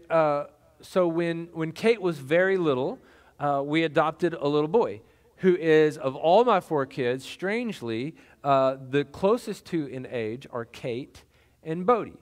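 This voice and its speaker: A man's voice: a little high, lively intonation, a little slow. A middle-aged male pastor preaching a sermon in a conversational, folksy way, with lots of fillers and restarts.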